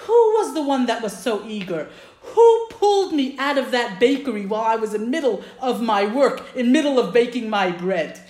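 Lady doing a sassy baker wife, teasing and loud, echoey room. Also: a little high, expressive, normal speed, few pauses, natural voice. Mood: mocking. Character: sharp-tongued young baker wife.

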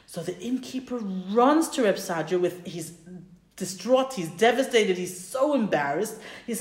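A woman's voice: medium pitch, expressive, measured pace. A woman religious teacher explaining a prayer and telling a story, enthusiastic and thinking aloud as she corrects herself. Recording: roomy echo.

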